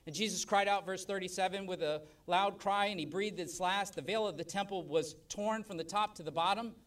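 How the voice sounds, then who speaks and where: A man preaching a sermon as pastor at a church service, emphatic, swelling loud and dropping soft. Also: sits high, fairly quick, recorded from a distance.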